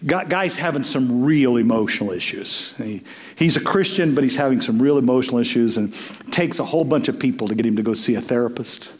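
A man preaching a sermon as pastor, telling stories in an animated way with voiced asides. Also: medium pitch, a little fast. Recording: long hall reverb.

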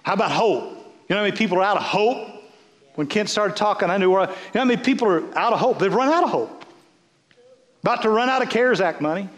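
Preaching at a quick pace, a high-pitched bishop in his fifties keeps his sermon playful and animated, lurching from loud bursts to hushed asides. His words ring out in the long reverb of a large hall.

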